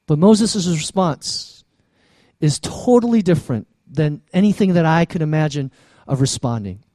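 High-voiced pastor preaching, halting restarts. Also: male voice, lively intonation, mellow, no room sound. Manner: conversational preaching with frequent stammered restarts. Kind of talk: sermon.

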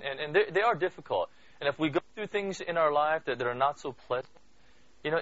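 Speaking at a medium, slightly bright pitch, this Bible teacher leads a conversational study sermon. He poses questions to listeners and keeps saying "you know" and "right?", heard on dull, dry lo-fi audio.

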